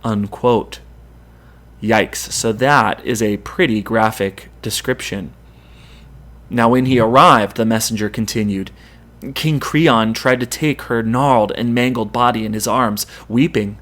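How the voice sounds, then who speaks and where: A man's voice: mid-range voice, unhurried, fairly bright tone. A man hosting a podcast, retelling a Greek tragedy in a dramatic storytelling manner. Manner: dramatic storytelling with quoted lines. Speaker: podcast host.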